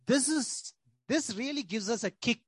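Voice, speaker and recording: Brief: male pastor, unhurried emphatic sermon delivery, dry close sound, repeats his points. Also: very high voice, husky, no echo. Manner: emphatic preaching, repeats key words, frequent "you know".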